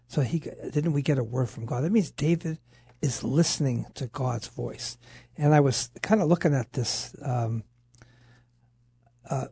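A man's voice: mid-range voice, gravelly, husky, dry recording, studio quality. A man co-hosting a Christian radio talk show, teaching animatedly from scripture. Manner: animated preaching, quotes voices of scripture. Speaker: radio co-host, pastor.

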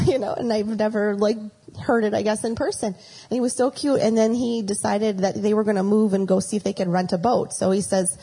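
A woman's voice: medium pitch, fairly even intonation, brisk, dark tone, slightly rough, rough recording. A middle-aged woman giving a chatty storytelling talk with a faith reflection, rambling and slipping into acted quotes.

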